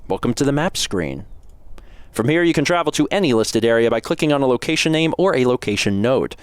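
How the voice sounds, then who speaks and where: A man's voice: mid-range voice, animated, fairly quick, clean tone, no room sound. A man casually commenting on a game and reading its text aloud, playful and self-mocking. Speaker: gaming channel host.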